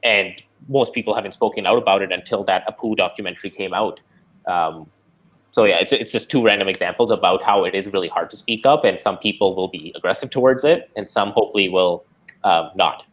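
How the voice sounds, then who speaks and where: A man guest in a casual discussion, telling stories in an expressive way and acting out quotes. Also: low-pitched, fairly quick. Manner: storytelling, expressive, acts out quotes.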